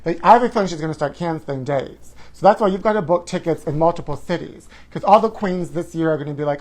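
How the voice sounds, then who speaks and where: A man's voice: a little high, quick pace, hardly any pauses. A man in his forties hosting a live stream, campy and theatrical, calling viewers honey and whooping as he chats through their comments. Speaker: host.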